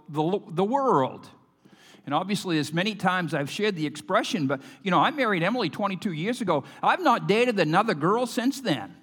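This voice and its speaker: A male pastor preaching emphatically, his voice high and very animated as it rises and drops. The sermon rings out with a long hall reverb behind it. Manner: emphatic preaching, swinging from loud to hushed.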